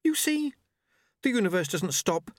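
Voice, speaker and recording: A man doing Jeremy, shrill nervy clockmaker. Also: very animated, normal speed, dry recording. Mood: eager. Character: Jeremy, high-strung young male clockmaker.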